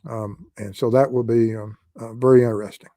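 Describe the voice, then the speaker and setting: A man with a Southern US accent hosting a true crime live stream, answering chat questions in a halting way with many pauses. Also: mid-range voice, steady tone, mellow, no echo. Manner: halting, with frequent pauses and fillers.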